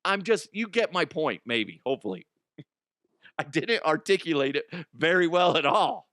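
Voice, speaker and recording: A man's voice: on the high side, animated, measured pace, fairly bright tone, dry recording, studio quality. A man hosting a comedy news show, rambling and profane, often dropping into silly put-on voices.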